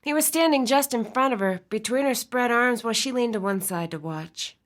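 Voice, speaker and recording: A woman's voice: a little high, fairly quick. Woman narrating a romance audiobook. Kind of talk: scripted narration.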